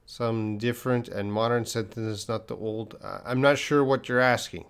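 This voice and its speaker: A man answering viewers' English questions in a live-stream lesson. He explains patiently, with pauses and restarts. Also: mid-range voice, steady tone, gravelly, clear, resonant tone. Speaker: English teacher.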